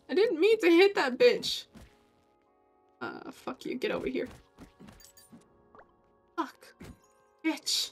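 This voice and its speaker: High-voiced swearing woman game streamer. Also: sing-song, slow pace, pauses often. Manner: swears freely, exclaims loudly at enemies. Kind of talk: casual gameplay commentary. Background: faint game music.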